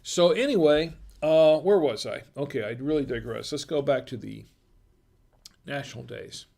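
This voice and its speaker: A man's voice: mid-range voice, moderate pace, creaky, a little mellow. A middle-aged man hosting a wine review livestream, chatting casually in a rambling, digressive way and chuckling often. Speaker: host of a wine review show.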